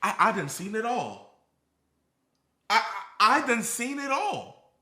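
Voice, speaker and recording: Excitable high-voiced streamer man. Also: slow, roomy sound. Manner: excitable, stammering, jokey slang. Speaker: streamer reacting to a video. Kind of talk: live-stream reaction commentary.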